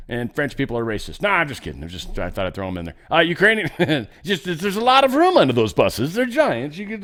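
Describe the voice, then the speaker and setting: A man's voice: on the high side, fairly bright tone. Rambling man hosting a commentary show. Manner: rambling, joking asides. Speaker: host. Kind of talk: casual news commentary.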